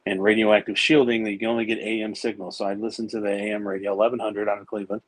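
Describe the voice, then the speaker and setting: A man's voice: fairly low pitch, little pitch movement, racing, dry recording, rough recording. A man guesting on a podcast, telling long, rambling stories with plenty of fillers and some swearing. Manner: rambling, profane, many fillers and restarts. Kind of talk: casual storytelling.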